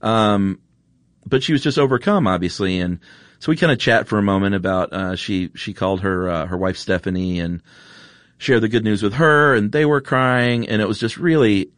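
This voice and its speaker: Brief: deep-voiced male host, earnest and rambling, dry close studio sound. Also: normal speed, fairly bright tone, no echo. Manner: earnest, rambling with fillers and restarts. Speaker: podcast host. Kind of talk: casual storytelling monologue. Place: podcast studio. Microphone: studio mic.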